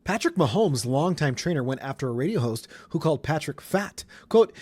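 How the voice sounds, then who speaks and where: A man's voice: on the high side, big pitch swings, brisk, hardly any pauses, a little mellow, dry recording. Wry, chatty male podcast host. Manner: chatty and wry, with asides and chuckles. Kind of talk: casual pop culture podcast monologue. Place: Colorado studio.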